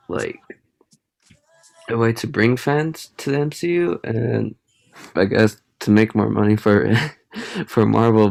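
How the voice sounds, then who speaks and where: A man's voice: medium pitch, gravelly, a little mellow, rough recording. A young man co-hosting a casual podcast, talking hesitantly with many fillers. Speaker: podcast co-host. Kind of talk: casual chat.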